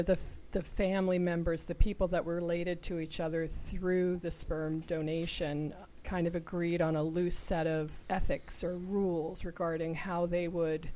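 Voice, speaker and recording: A woman's voice: on the low side, fairly even intonation, normal speed, hardly any pauses, dark tone, slight background noise. A woman co-hosting a casual discussion, relating stories at length with frequent restarts. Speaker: podcast co-host.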